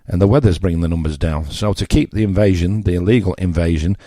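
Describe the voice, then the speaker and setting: Blunt older English radio presenter, low and dry. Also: male voice, quick pace, warm tone, no echo. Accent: Yorkshire English. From England. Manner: blunt, mocking, conversational with asides. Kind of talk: opinionated radio monologue.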